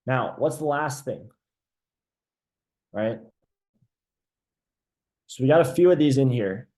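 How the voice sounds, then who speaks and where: Energetic male sales trainer, keeps saying "right?". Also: medium pitch, slow. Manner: energetic, repeats "right?" often, role-plays sales calls. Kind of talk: live online sales training.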